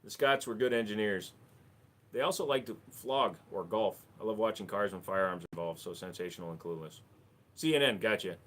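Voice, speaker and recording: A man's voice: lowish voice, brisk, fairly bright tone. A man hosting a casual livestream, reading chat messages aloud and answering with crude jokes. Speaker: livestream host.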